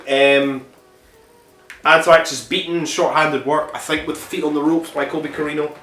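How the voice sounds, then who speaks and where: A man hosting a wrestling review podcast, recapping matches in a casual, rambling way and swearing constantly, often pausing on ums and correcting himself. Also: fairly high pitch, fairly even intonation, sharp tone. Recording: echoey room, distant mic, faint music.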